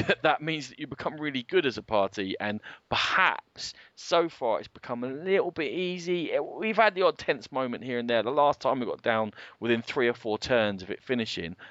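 A man's voice: medium pitch, a bit bright, dry recording. A man co-hosting a podcast about games, talking casually at length and with emphasis. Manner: talkative, rambling, emphatic. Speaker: co-host. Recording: dull lo-fi podcast audio.

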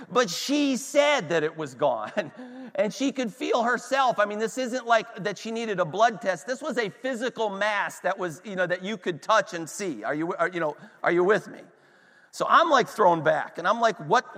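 A man's voice: high voice, fairly bright tone. A man preaching a sermon, telling a story with passion and checking in with his congregation. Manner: impassioned storytelling to a congregation, asks "are you with me". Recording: long hall reverb.

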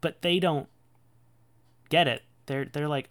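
Podcast host, male, chatty and amused, fillers and restarts, fairly high voice. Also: moderate pace, pauses often, fairly bright tone. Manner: chatty, laughs often, many fillers and restarts. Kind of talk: casual podcast talk on scripture.

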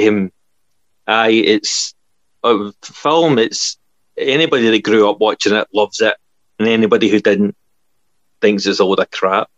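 A man's voice: fairly low pitch, steady tone, unhurried, pauses often, no echo. A man, chatting eagerly about films he loves. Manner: enthusiastic, laughs often, says aye. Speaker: podcast co-host. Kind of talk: casual chat. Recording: dull lo-fi dry sound.

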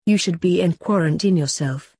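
A woman voicing a fussy, excitable male assistant who sounds indignant and exasperated. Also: on the low side, moderate pace, slightly rough, no room sound, studio quality.

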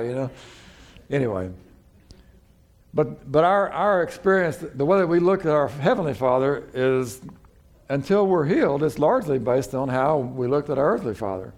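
A man's voice: medium pitch, lively intonation, normal speed. A man, preaching a sermon as pastor in a folksy, conversational way with frequent restarts.

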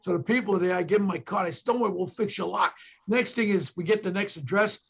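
A man's voice: sits high, fast talker, vocal fry, breathy edge. An older man with a New York accent, a former detective telling police stories as a podcast guest and acting out what the people in them said. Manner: acts out quotes from others with emphatic bursts. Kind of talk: animated storytelling.

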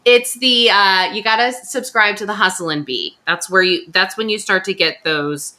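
A woman's voice: medium pitch, moderate pace, pushed and bright. A woman with a Californian Valley Girl accent, co-hosting a podcast in a chatty, giggly way and filling her talk with "like". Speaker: podcast co-host. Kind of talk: casual chat and ad read.

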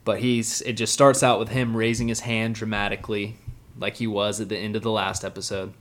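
Low-voiced man joking through a recap. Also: level tone. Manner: joking, blunt, mimics characters in quick asides. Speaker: podcast co-host. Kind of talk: casual anime recap chat.

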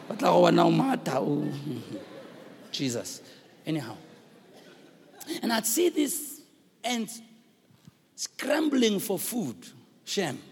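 A South African man preaching a sermon as pastor, with fervent shouted emphasis and call-and-response, recorded in a church hall. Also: high voice, vocal fry, husky. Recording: echoey hall reverb.

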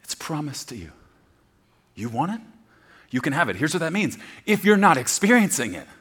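A middle-aged man preaching a sermon, swinging between loud emphatic declarations and hushed near-whispers. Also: a little high, sing-song, moderate pace, husky. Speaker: pastor.

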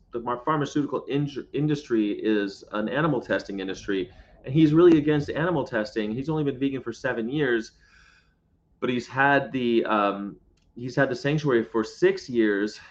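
A man's voice: mid-range voice, fairly bright tone, lo-fi sound. A man chatting casually on a livestream, rambling and joking while he answers viewer comments. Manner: rambling and jokey, reads viewer comments aloud. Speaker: vegan livestreamer. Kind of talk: casual live-stream chat. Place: inside a parked box truck.

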